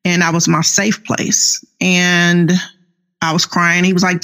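A woman in her fifties, an author guest, telling her personal story in an earnest, slow, faith-filled way. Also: lowish voice, level tone, vocal fry, a bit bright. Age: 50s. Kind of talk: personal testimony interview.

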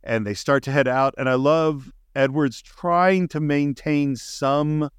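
A man's voice: fairly high pitch, slow pace, smooth, no echo, clean studio sound. A man co-hosting a casual podcast, retelling film scenes with enthusiasm. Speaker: podcast co-host.

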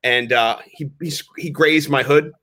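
A man in his thirties co-hosts a casual podcast with a fairly high voice. He tells rambling, animated stories and swears now and then. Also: measured pace. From Maryland, US. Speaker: podcast co-host. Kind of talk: casual chat.

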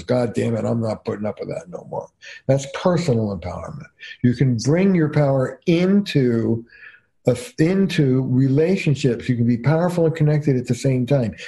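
An older man from New Jersey, a couples therapist, telling stories in an animated, emphatic way in a casual podcast chat. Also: mid-range voice.

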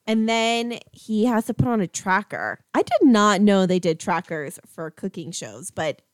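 A woman casually recapping a movie plot with a co-host, animated and laughing often as she acts out the characters' lines. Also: mid-range voice, unhurried, no room sound.

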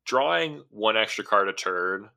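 A young man chats about card game strategy with a low voice. His tone is strikingly bright and sharp. He hesitates often, piling up fillers and repeating words before he lands his point. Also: animated, measured pace, creaky. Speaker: card game podcast co-host. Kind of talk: casual card review chat.

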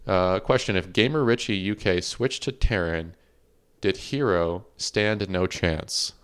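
A man with a low, smooth, resonant voice hosts a livestreamed podcast in casual chat. He reads out viewer questions and laughs often. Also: unhurried. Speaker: podcast host.

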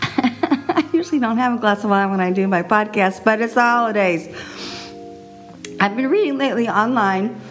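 A middle-aged woman hosting a casual solo podcast, chatty and animated, laughing often. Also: fairly high pitch. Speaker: podcast host.

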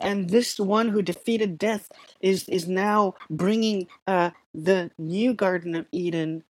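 A woman's voice: fairly low pitch, a little mellow, no echo, low-quality recording. A woman giving a casual, conversational sermon that retells a story with filler words and restarts. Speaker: preacher.

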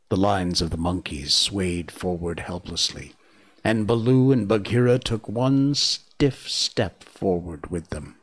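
Deep, slow, husky storyteller man. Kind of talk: storybook narration.

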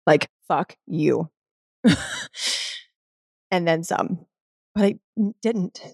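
A woman's voice: on the low side, takes it slowly, warm tone, no echo, clean studio sound. A woman guest telling an earnest, spiritual personal story in conversation, full of "like" fillers. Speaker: podcast guest.

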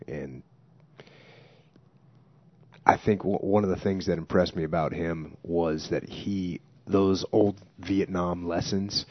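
A man hosting a podcast, talking casually and stressing key words slowly and deliberately. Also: low voice, steady tone. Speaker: podcast host. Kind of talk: casual conversation. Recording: dry, dull lo-fi recording.

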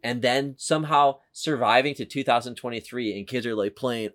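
A man's voice: mid-range voice, normal speed, hardly any pauses, a bit bright. A man hosting a casual movie podcast, rambling with many fillers and restarts. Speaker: podcast host.

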